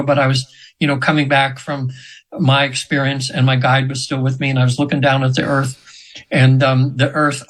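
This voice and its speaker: With a mid-range, fairly bright voice, a man in his seventies rambles through casual stories as a hypnotherapist guest in an interview, using fillers and restarts and sometimes acting out the voices he quotes. The audio is poor.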